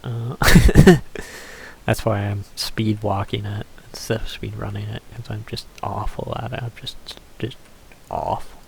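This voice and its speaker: A man's voice: on the low side, fairly even intonation, unhurried, gravelly, slight background noise. A man giving casual, rambling commentary over a game he is playing, swearing offhandedly and using lots of fillers. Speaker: gameplay commentator.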